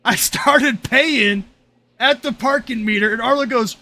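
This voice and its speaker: A man hosting a casual roleplay podcast chat, telling stories with animated energy and bursts of shouting. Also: very high voice, measured pace. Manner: animated storyteller, shouts when excited. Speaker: podcast host.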